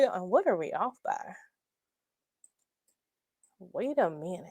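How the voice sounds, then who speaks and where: A woman chatting casually through her budget, animated and addressing viewers as y'all, on a clip-on mic. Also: lowish voice, slow pace, breathy edge, no room sound. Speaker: budgeting vlogger.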